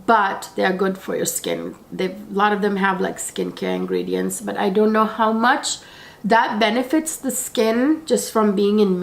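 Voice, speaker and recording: A middle-aged woman, hoarse from a cold and husky-voiced, chatting casually to her viewers as a beauty vlogger, rambling with lots of fillers. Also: medium pitch. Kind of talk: casual chat to camera.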